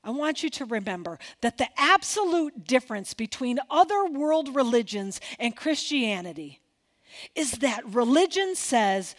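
A woman's voice: a little high, big pitch swings, a little slow. A woman preaching a sermon, acting out quoted dialogue with big swings and dropping to near whispers. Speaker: pastor.

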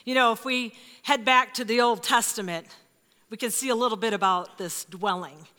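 A woman in her fifties preaching a sermon in a church, expressive and emphatic, sometimes dropping to a hush. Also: on the high side, moderate pace. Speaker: pastor. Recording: reverberant church hall.

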